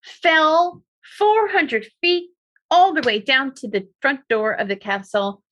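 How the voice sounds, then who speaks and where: Bright, lively woman storyteller. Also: high voice, slow. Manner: lively and animated, with asides to listeners. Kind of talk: oral storytelling performance.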